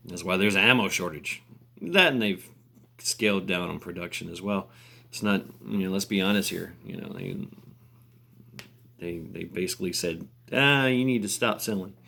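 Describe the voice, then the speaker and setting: A man's voice: low-pitched, normal speed, gravelly, pauses often, bright, forceful tone. A man ranting casually on camera, rambling with fillers, restarts and laughter. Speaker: vlogger. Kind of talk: casual rant.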